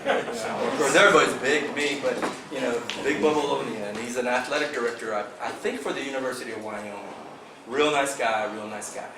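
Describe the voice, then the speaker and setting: Animated man telling a fishing story. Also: medium pitch, fast talker, hardly any pauses. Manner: animated, laughing, acts out dialogue. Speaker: angler telling a tournament story. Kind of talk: casual storytelling to a club meeting. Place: meeting room. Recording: echoey room from far off, background noise.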